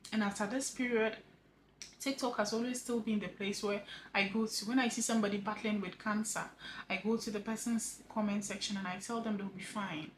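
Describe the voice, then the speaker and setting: Halting, earnest grieving woman. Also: medium pitch, steady tone, slight background noise, poor audio. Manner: halting, repeats words, earnest; voice drops soft at phrase ends. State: grieving widow, emotional. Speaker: vlogger sharing a personal story. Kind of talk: heartfelt personal vlog monologue.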